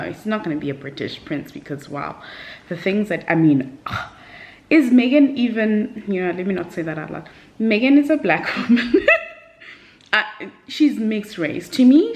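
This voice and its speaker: A young woman talking candidly and rambling in a personal vlog at home. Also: mid-range voice. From South Africa. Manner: rambling, candid, tearful at times. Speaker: vlogger. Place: home at night.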